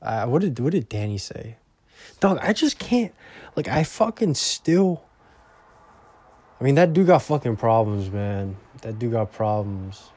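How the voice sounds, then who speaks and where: A man's voice: mid-range voice, big pitch swings, unhurried, darkish tone. A young man vlogging in a rambling, profane casual monologue that often trails off into mumbles.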